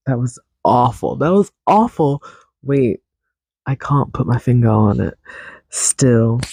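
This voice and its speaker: A man's voice: medium pitch, lively intonation, slow pace, vocal fry, mellow, slightly rough, no room sound. A man hosting a podcast alone, rambling in a chatty, self-teasing way. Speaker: podcast host. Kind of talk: casual solo podcast chat.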